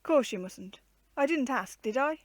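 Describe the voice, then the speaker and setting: A woman's voice: high voice, lively intonation, measured pace, dry recording. A woman voicing a cheeky young boy in a storybook reading, light and teasing.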